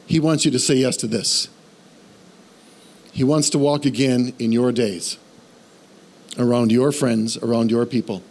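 Unhurried and medium in pitch, with long pauses, a male preacher narrates a comic personal story, gently mocking himself. The sermon climbs to an ardent call for listeners to believe.

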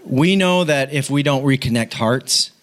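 A middle-aged man preaching with a personal story from his own home. He is animated and self-mocking, breaks into laughter and restarts his sentences, and his voice sits at an ordinary middle pitch. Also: measured pace, a faint crowd, slight background noise.

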